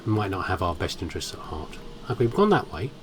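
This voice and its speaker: A man's voice: low-pitched, sing-song, fast talker, a little hiss or hum. A man commentating his horror game playthrough in a playful, musing, self-mocking way. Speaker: gaming commentator. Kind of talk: let's play commentary.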